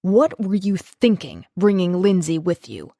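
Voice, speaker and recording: A man's voice: high-pitched, very animated, a little slow, mellow, no echo, clean studio sound, heavily acted. A woman voicing a fierce young werewolf man. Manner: fierce, demanding. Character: hot-tempered young male werewolf, fierce but tender. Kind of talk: audiobook character voice.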